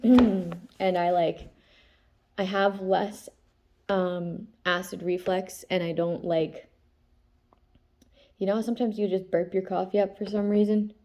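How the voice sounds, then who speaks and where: A woman's voice: mid-range voice, steady tone, slow, long pauses, a little mellow. A woman with a stuffed-up nose giving a casual tarot reading, chatty and full of fillers, often checking in with "okay?" and now and then reading passages aloud. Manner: chatty, filler-heavy, keeps asking "okay?", laughs often. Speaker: tarot reader. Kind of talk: casual spiritual chat with read-aloud passages.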